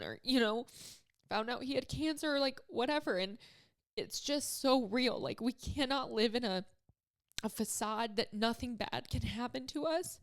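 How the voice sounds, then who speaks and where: A woman's voice: a little high, moderate pace. A woman in her twenties hosting a solo podcast, talking casually and emotionally, choked up and rambling with many fillers. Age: 20s. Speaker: podcast host.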